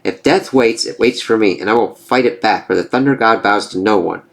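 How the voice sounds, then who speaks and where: Guy reading a proud thunder god, big solemn oaths, lowish voice. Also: fairly quick, gravelly, a bit bright. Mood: defiant.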